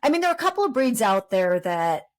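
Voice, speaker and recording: A woman in her fifties, a dog trainer chatting as a podcast guest, telling lively stories and acting out the voices of people she quotes. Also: a little high, fast. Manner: lively storyteller who acts out quoted voices. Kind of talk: casual podcast interview.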